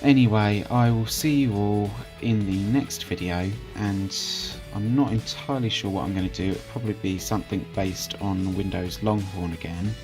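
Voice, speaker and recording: A man's voice: lowish voice, normal speed, few pauses, over music. A young man talking casually over a screen recording as host, chatty and hesitant, full of fillers and restarts. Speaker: channel host reviewing software.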